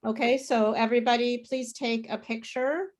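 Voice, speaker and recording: A woman teaching English pronunciation in an online class, saying words clearly and patiently for students to repeat. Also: fairly high pitch, steady tone, normal speed, a little hiss or hum.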